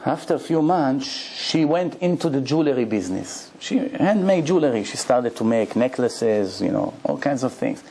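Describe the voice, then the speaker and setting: Man, rabbi, storytelling lecture, gravelly, dark tone, broken English, acts out the dialogue. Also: mid-range voice, moderate pace, hardly any pauses. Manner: animated storyteller acting out dialogue; broken, non-native-sounding English grammar.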